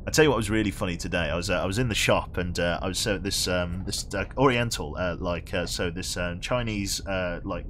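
A young Englishman with a Birmingham accent chats casually with viewers while streaming a game, mocking himself, laughing often, and swearing freely. His low voice runs a little fast with hardly any pauses, fairly bright in tone, over a little hiss or hum.

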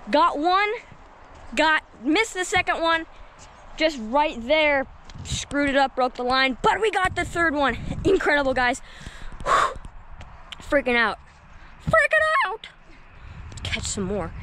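A woman vlogging while fishing outdoors at a lake, excitable and keeps calling out to viewers. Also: high-pitched, a little hiss or hum. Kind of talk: excited outdoor vlog commentary. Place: outdoors at a lakeshore.

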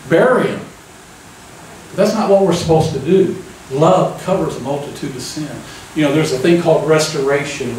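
Guy preaching, kinda high voice, chatty, keeps asking amen, big echo from far off in a church. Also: darkish tone, slight background noise. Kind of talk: conversational sermon. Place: church sanctuary. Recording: echoey church room, mic at a distance.

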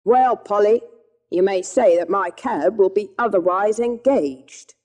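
A woman voicing a good-hearted cab driver in a storybook, plain-spoken and steady. He is firm when refusing and gentle when comforting, with a mellow, low warmth. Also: unhurried, close to an everyday voice. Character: kindly, devout middle-aged London cab driver, man.

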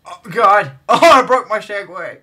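A young man casually chatting while playing a game with a friend, excitable and prone to yelps and shouts. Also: high voice, measured pace. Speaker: gamer co-host. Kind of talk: casual gameplay chat.

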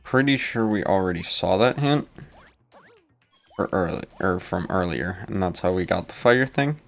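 A man's voice: deep voice, animated, moderate pace, vocal fry. A man casually commenting while he plays a game, laid-back and self-mocking, with mumbled asides. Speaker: gaming channel host. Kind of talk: casual let's play commentary. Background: faint game music.

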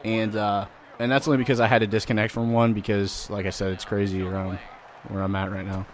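A man hosting a gaming channel, giving loud, vulgar, excitable commentary while he plays. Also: on the low side, brisk, a little hiss or hum. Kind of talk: let's play commentary.

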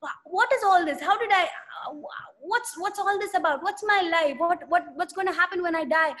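A curious boy pours out question after question in a high, eager voice, put on by a woman telling the story. He sounds restless and keen to know everything. The voice is a storyteller's quick sketch rather than a full performance. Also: bright, forceful tone.

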